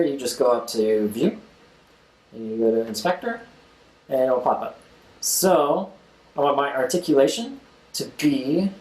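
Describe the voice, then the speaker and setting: A man's voice: mid-range voice, a little mellow, reverberant, low-quality recording. A young man hosting a casual screen-recorded music tutorial, talking as he clicks and scatting drum rhythms aloud.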